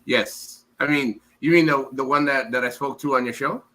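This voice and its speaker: A man's voice: mid-range voice, normal speed, fairly bright tone, low-quality recording. A man from the United States talking as an interview guest in a casual chat, rambling, repeating words and acting out quoted women.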